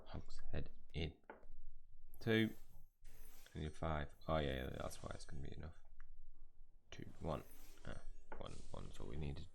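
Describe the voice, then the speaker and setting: A man's voice: extremely low pitch, measured pace, gravelly, pauses often, a little hiss or hum. A man casually commentating his mobile game playthrough, rambling and joking at himself. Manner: rambling, self-deprecating. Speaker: gaming channel host.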